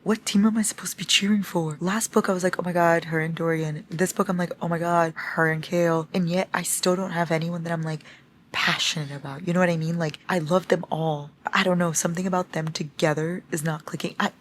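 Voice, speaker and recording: A woman's voice: on the low side, steady tone, fairly quick, slight background noise. A young woman chatting casually at home about the books she is reading, swearing and reacting dramatically. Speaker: book vlogger. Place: home at night.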